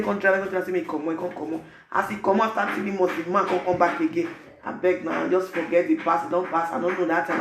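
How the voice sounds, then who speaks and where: A man speaking Nigerian Pidgin English, giving animated, preachy advice to his viewers in a casual vlog. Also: high voice, echoey room, background noise. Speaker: vlogger.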